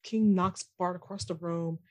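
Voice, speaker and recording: A young adult woman co-hosting a podcast in casual chat, talking loosely with lots of fillers and quick laughs. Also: fairly low pitch, fairly even intonation, dark tone. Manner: chatty, fillers like "like", laughs easily. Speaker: podcast co-host.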